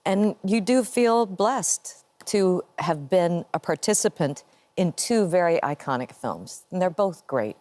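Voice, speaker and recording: A woman in her fifties, an actress guest giving measured, reflective answers. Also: lowish voice, expressive, darkish tone, dry recording.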